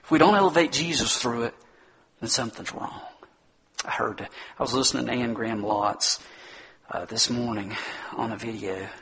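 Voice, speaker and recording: A man's voice: mid-range voice, creaky, a bit bright, slightly rough. A man preaching a sermon, emphatic and full of rhetorical questions, speaking directly to his listeners. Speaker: pastor.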